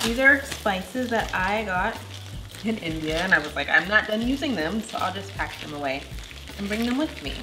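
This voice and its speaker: Bubbly young woman cooking vlogger. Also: mid-range voice. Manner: bubbly, enthusiastic, tasting aloud. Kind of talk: casual cooking vlog.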